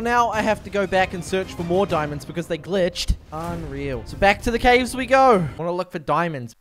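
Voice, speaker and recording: A young man playing a video game for the first time, commenting excitedly and panicking, shrieking and repeating himself when scared. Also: high-pitched, moderate pace, few pauses, music in the background. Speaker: gaming YouTuber. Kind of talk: casual gameplay commentary.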